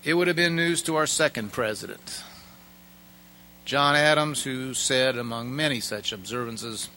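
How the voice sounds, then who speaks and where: A man giving a formal speech at a prayer breakfast, speaking in a measured and emphatic way with pauses. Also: medium pitch, bright, forceful tone, slight background noise, poor audio. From United States.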